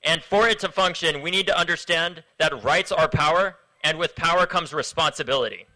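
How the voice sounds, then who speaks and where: A young man delivers a rally speech outdoors into a handheld mic. His voice sits high and rings with a sharp, forceful brightness. He is impassioned and builds from grave, quiet passages to shouted calls. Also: brisk, low-quality recording. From Florida. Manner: impassioned, rising to shouted chants with the crowd. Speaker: activist speaker at a rally.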